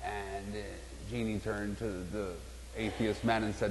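A priest giving a casual, storytelling sermon, telling a joke before turning to the gospel. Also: male voice, lowish voice, measured pace, slight background noise. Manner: storytelling, animated in quoted voices. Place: church. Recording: echoey church hall with long reverb.

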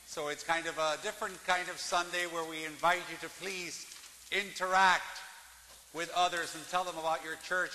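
Bright-voiced priest in an echoey church. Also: male voice, sits high, a little hiss or hum. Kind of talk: sermon. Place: large church. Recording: echoey church, long reverb.

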